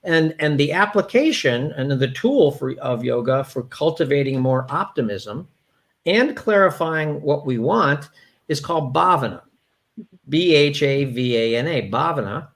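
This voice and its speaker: A man talking candidly as a yoga therapist, restarting his sentences as he goes. His voice sits fairly high for a man, with a gravelly, fry-laden texture. He sounds conversational and unscripted. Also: expressive, unhurried, fairly bright tone. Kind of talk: casual conversational interview.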